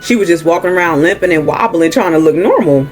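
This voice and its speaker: A man's voice: fairly high pitch, animated, quick pace, faint music behind. A man hosting a movie recap, retelling the story in a casual, chatty way with laughs.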